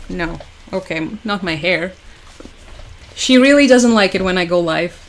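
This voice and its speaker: A woman's voice: lowish voice, unhurried, long pauses, slight background noise. A woman hosting a casual livestream from home, chatty and sarcastic, laughing often. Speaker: livestream host. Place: at home with her dog.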